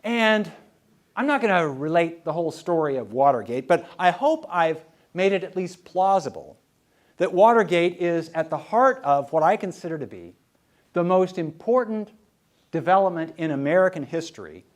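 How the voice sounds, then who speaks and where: A man's voice: on the high side, expressive, moderate pace. A male historian giving a public lecture before an audience, conversational and wry as he tells anecdotes. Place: talk before a live audience.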